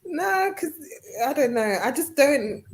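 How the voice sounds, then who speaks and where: A woman's voice: high-pitched, animated, a little slow. A woman on a casual panel, chatty and giggly. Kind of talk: casual live panel banter.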